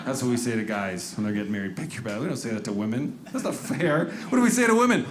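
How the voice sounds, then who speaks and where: Give me a male stand-up comedian telling deadpan stories into a stage mic, with a loud crowd behind him. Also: lowish voice, quick pace, few pauses, noisy background. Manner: deadpan, sarcastic storytelling with acted-out quotes. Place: comedy club stage before a live audience. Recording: stage recording with loud audience laughter.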